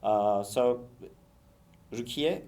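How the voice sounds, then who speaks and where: Male host, Turkish accent, clear word-by-word teacher delivery, casual interview. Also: medium pitch, drawn-out words, dark tone. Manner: questioning, encouraging, says each word one by one. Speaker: English teacher hosting a school podcast.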